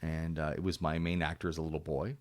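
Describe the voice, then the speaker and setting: A man's voice: very deep voice, level tone, fast, no room sound. A man in his fifties hosting a casual interview, chatty and laughing into his own stories. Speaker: host. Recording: dry close mic.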